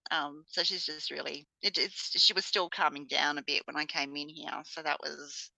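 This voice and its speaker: Bright-voiced woman telling stories. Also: sits low, moderate pace, vocal fry, dry recording, rough recording. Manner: animated storyteller, acts out voices with laughs. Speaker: podcast co-host. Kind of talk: casual chat.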